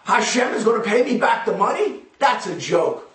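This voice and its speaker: A man voicing a wealthy businessman who talks in animated exclamations. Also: very high voice, normal speed, reverberant, recorded from a distance, pitched above the performer's own voice, exaggerated voice. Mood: excited. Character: wealthy businessman, jovial then remorseful.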